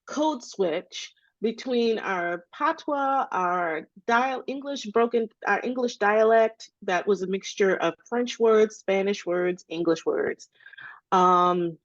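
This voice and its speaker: A woman from the United States talks through a podcast discussion on culture, easygoing and conversational. Her voice sits at a middle pitch. She gets animated whenever she acts out what others said. The sound is dry and a little muffled. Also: slow, no echo. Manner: storytelling, animated when quoting others. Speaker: podcast co-host, educator.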